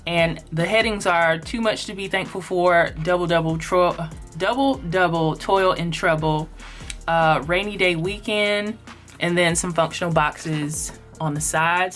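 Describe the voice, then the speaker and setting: A woman with a somewhat low voice talks through a sticker book page by page in a chatty, upbeat way, full of ums and likes. Soft background music plays faintly under her voice. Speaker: planner sticker vlogger. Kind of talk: casual flip-through narration.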